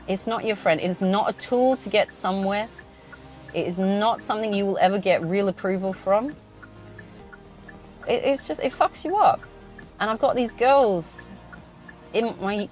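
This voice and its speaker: A woman in her thirties hosting a podcast, talking bluntly with a lot of swearing in a casual monologue from inside a car. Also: mid-range voice. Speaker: podcast host. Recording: car road noise.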